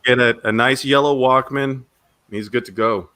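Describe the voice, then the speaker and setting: A man's voice: medium pitch, steady tone, moderate pace, pushed and bright. A man co-hosting a podcast, bantering casually, joking and laughing often. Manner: laughs often, jokey, sings snatches of songs. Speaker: podcast co-host.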